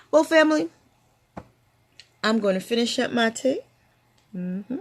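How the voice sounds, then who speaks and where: An older woman shares a memory in a reflective storytelling way. Her voice has a gravelly, husky texture, and she breaks into laughter now and then. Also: on the high side. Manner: warm, reflective, laughs often. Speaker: storytelling host. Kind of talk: personal storytelling to camera.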